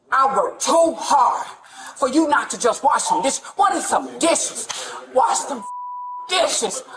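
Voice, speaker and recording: A middle-aged woman with a high voice, loud and exasperated, yelling at officers in her own home. The bodycam audio is echoey and other voices murmur behind her. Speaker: mother arguing with police.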